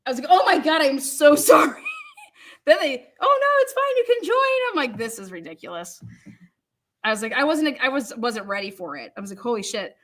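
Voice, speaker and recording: A woman's voice: on the high side, expressive, brisk, fairly bright tone. A woman telling a funny personal story in a casual way. She swears a lot, laughs while she talks, and acts out what other people said.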